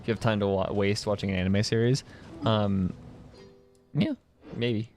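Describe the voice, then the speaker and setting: Faint music plays behind a young man whose lowish, slightly mellow voice keeps a fairly even tone at a moderate pace. He's streaming a game and reading chat, rambling casually with frequent laughter, fillers, and false starts.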